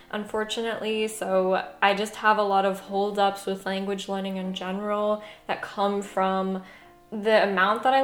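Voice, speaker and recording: An American woman hosting a casual language-learning vlog, chatty and laughing often, sometimes reading aloud slowly. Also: medium pitch. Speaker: podcast host. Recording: echoey room.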